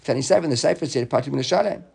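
A man teaches a Talmud class in a relaxed, conversational way. His voice is gravelly and a little husky, and he restarts and repeats words as he works through the text. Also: mid-range voice, racing. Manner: casual, repeats words while thinking aloud.

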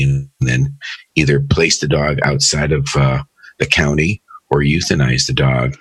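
Very deep husky man, chatty. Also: fairly bright tone, no echo. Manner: chatty, anecdotal. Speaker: co-host lawyer. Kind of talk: casual radio talk show chat.

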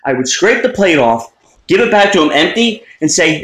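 A man chatting casually, joking loudly and crudely, often laughing at his own ideas. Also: a little high, sing-song, normal speed, reverberant. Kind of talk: casual chat.

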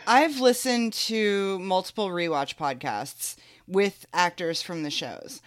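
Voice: medium pitch, takes it slowly, fairly bright tone. A podcast co-host chatting casually, telling stories in a rambling way full of fillers. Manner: rambling, filler-heavy storytelling. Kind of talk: casual chat.

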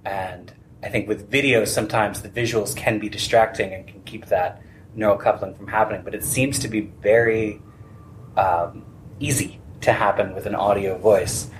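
A man's voice: fairly low pitch, moderate pace, a little hiss or hum. Earnest man moderating a panel. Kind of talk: convention panel discussion.

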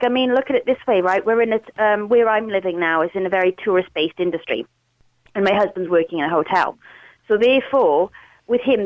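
A woman's voice: medium pitch, no room sound. Welsh woman in her thirties on a dull line. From Wales. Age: 30s. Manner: earnest, argues her point with examples. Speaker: caller. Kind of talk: radio phone-in discussion.

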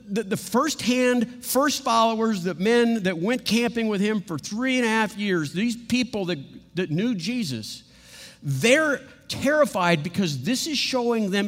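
A man preaching a sermon in a lively, animated way, often acting out what others say. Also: sits high, big-room sound. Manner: animated, acts out quotes in playful voices.

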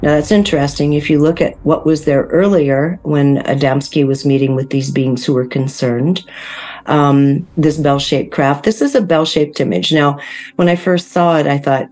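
A woman's voice: deep voice, normal speed, a little mellow. A woman hosting a solo commentary video, speaking in a conversational way with frequent fillers and self-corrections. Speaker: host.

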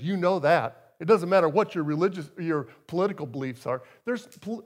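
High-voiced male preacher telling stories. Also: brisk. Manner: storytelling, emphatic swings in loudness. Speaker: guest preacher. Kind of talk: sermon.

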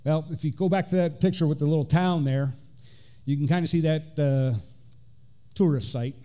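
Mellow-voiced deacon giving a casual sermon. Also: male voice, a little high, fairly even intonation, moderate pace. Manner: conversational, with frequent fillers and restarts. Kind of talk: informal sermon with scripture reading.

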